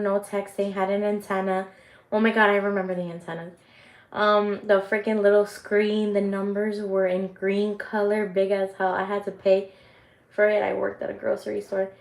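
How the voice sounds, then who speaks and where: A woman in her forties chatting casually with viewers, telling stories in an animated, profane way with frequent laughter. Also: mid-range voice, echoey room. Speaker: livestream host. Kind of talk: casual storytelling chat.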